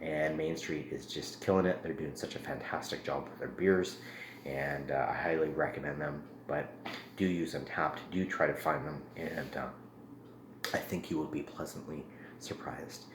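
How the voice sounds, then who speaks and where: A very deep-voiced man talks through a beer review in a loose, rambling vlog manner, filling pauses with ums and uhs. The room sounds echoey, with a faint hum of ambient noise behind him. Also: steady tone.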